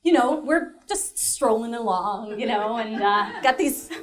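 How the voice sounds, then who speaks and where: Lively high-voiced comic woman storyteller. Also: unhurried, crowd noise. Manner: animated, laughing, with dry asides. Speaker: comedian and storyteller. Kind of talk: solo comedy storytelling show.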